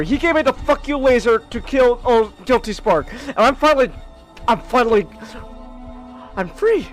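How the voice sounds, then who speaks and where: A man's voice: extremely high pitch, moderate pace, faint music behind. A man streaming a game, chatting casually and yelping and laughing as he plays. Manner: excitable, yelps and laughs at the game. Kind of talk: casual gaming stream chat.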